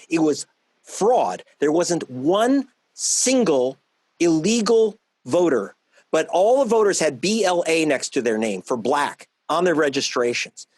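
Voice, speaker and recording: A man speaks as a journalist guest in a panel discussion. He talks emphatically, often restarting his sentences, in a fairly high voice. The sound is dry and close. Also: no echo. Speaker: author and investigative journalist guest.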